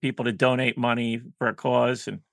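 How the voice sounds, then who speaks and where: A man joking around on a comedy radio show in a deadpan, laid-back way. His voice has a gravelly fry to it, picked up dry and close in the studio. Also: medium pitch, brisk, no echo. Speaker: show regular.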